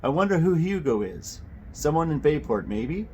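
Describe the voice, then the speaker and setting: A man's voice: a little high, big pitch swings, darkish tone, highs cut off, slight background noise. A man voicing an eager teenage boy detective in near his own voice. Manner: eager, brisk. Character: eager teen boy detective, older brother.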